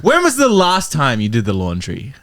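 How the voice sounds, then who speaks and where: A man's voice: mid-range voice, huge pitch swings, normal speed, background noise. A man reading a comedy skit aloud, playing a teasing adult friend.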